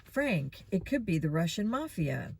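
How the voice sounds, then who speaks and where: A woman's voice: lowish voice, sing-song, gravelly, darkish tone, slightly rough, full character voice. A woman voicing an impulsive, eager teenage boy detective, in a storybook reading. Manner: eager and quick to jump to conclusions.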